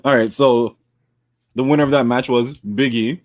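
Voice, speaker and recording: A man's voice: medium pitch, fairly even intonation, normal speed, no room sound, studio quality. A man co-hosting a casual wrestling podcast, chatty and joking as he talks through the week's matches. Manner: joking, chatty, drops into put-on accents. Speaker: podcast co-host.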